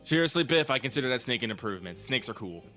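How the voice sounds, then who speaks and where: A man's voice: medium pitch, expressive, very fast, pushed and bright, soft background music. A man casually commentating a game with a friend, reacting playfully to each twist. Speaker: let's play co-host.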